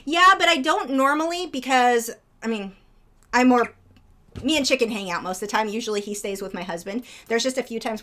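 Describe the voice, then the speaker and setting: A young woman talking casually to her live-stream viewers, with a slightly high voice. She rambles from topic to topic, full of fillers and asides. Now and then she turns to her pet birds in a cooing voice. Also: brisk, pushed and bright. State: out of breath.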